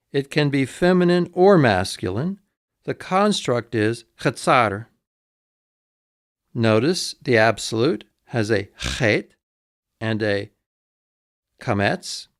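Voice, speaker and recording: A man teaching vocabulary in a recorded lesson, repeating each word slowly and spelling it out letter by letter. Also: medium pitch, no room sound, clean studio sound. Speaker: instructor.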